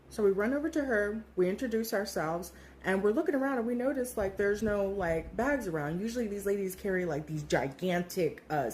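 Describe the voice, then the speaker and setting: A woman's voice: a little high, a little hiss or hum. A woman in her thirties telling a personal story casually, animatedly acting out what people said and swearing freely. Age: 30s. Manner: animated, acts out quoted voices, swears freely.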